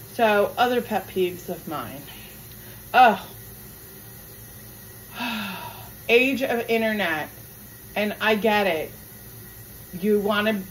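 A woman's voice: mid-range voice, slight background noise, poor audio. A woman chatting casually in her home kitchen as she cooks and vents about her pet peeves. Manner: chatty, venting pet peeves while cooking. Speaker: cooking vlogger. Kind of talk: casual kitchen vlog chat.

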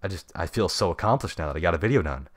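Young male solo podcaster, deep, fast, casual rambler, dead-dry home mic. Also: animated, no echo. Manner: rambling, laid-back slang. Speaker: podcast host. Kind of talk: unscripted solo podcast chat. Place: home room. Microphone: studio mic with pop filter.

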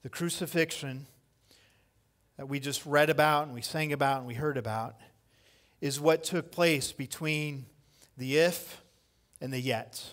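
A man preaching a sermon as pastor, swinging between loud impassioned cries and hushed lines and repeating key phrases for emphasis. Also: on the high side, measured pace, long pauses.

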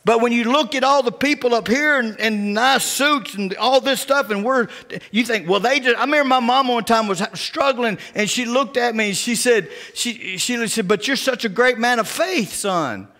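A male pastor preaching a sermon, telling personal stories in a folksy, down-home way and often dropping to a hushed voice. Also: very high voice, moderate pace. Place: church sanctuary. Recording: church sanctuary with long reverb.

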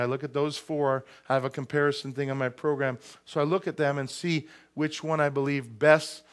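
A male pastor preaching in a relaxed, talk-to-you way, dropping jokes and asides as he goes. His voice sits a little higher than most men's. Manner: conversational, joking asides. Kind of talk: sermon. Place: church sanctuary.

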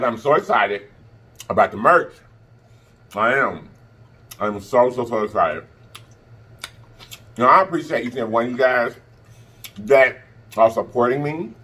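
A man's voice: mid-range voice, expressive, unhurried, pauses often, fairly bright tone, breathy edge. A man vlogger talking casually to camera, chatty and repeating himself for emphasis. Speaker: mukbang vlogger.

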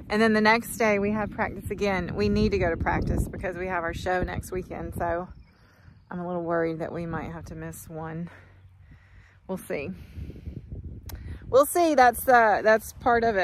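A woman's voice: fairly low pitch, fairly bright tone. A middle-aged woman, chatting casually to her viewers in a rambling vlog from outdoors on a farm. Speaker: farm vlogger. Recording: faint outdoor noise.

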